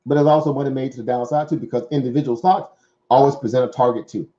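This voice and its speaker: Talking fast with fairly even intonation, this stock market show host has a mellow, mid-range voice and a Southern accent, captured with dull audio. The talk is casual and rambling, studded with fillers and "right?" asides.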